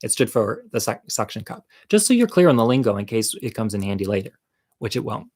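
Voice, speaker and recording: A man's voice: fairly low pitch, sing-song, fast, a little mellow. Campy, candid male storyteller. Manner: campy, candid and self-deprecating; chatty asides to the viewer. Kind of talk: casual comic storytelling monologue.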